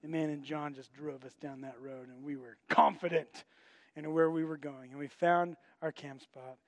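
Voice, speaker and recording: There's no echo around this pastor's slightly high voice as he preaches at a moderate pace. His sermon includes a lively story in which he voices the people he quotes.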